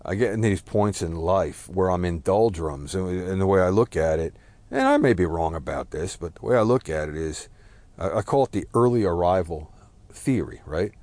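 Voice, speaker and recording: A man's voice: low voice, big pitch swings, normal speed, a little mellow, no room sound. A man talking through a rambling, self-deprecating personal monologue, swearing now and then and apologizing for it.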